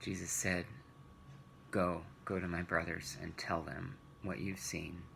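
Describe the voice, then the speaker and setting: A man teaching a children's Bible lesson, retelling the story gently and asking rhetorical questions. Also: low-pitched, little pitch movement, unhurried, creaky, a little hiss or hum, poor audio.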